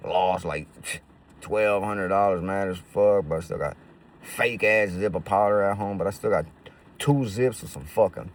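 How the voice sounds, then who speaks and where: A man's voice: sits low, normal speed, distant mic. A man casually telling stories to camera in profane, slangy street talk full of fillers. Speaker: roofing business owner.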